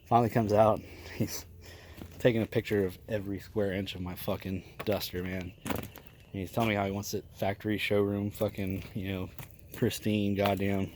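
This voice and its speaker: Profane rambling man, low voice. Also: level tone, moderate pace, a little mellow, slight background noise. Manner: profane, rambling, laughs often. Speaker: garage vlogger. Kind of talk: casual storytelling.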